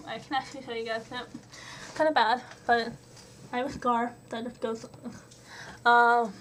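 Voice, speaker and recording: A young woman reads out tag questions and answers them in a slow, unhurried way, stopping often for ums and small giggles. Her voice sits a touch high. Faint hiss hangs behind the home recording. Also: fairly bright tone. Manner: hesitant, many ums, giggly. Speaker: vlogger.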